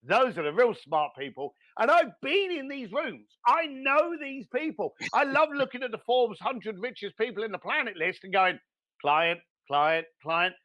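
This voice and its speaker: A man giving blunt, animated business advice as a podcast guest, swearing now and then. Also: very high-pitched, moderate pace, few pauses. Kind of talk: motivational business talk.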